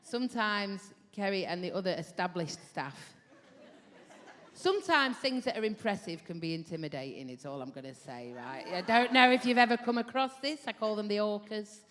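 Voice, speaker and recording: A woman's voice: mid-range voice, animated, normal speed, a bit bright. Brash woman doing stand-up. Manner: brash, teasing banter with the audience. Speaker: stand-up comedian. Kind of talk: live stand-up with crowd work. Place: large live theatre venue. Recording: live hall reverb with audience. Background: audience laughter.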